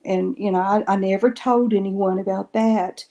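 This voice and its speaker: A woman's voice: mid-range voice, fairly even intonation, moderate pace, mellow, dull audio. A middle-aged woman, telling a long story in a rambling way and correcting herself often. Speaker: guest recounting paranormal experiences. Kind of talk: casual storytelling interview.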